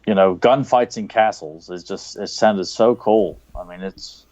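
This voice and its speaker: A man's voice: fairly low pitch, measured pace, no room sound, lo-fi sound. Rambling Southern man on a podcast. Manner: excited, rambling, many fillers and restarts. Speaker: podcast co-host. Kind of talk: casual chat, watching a cartoon.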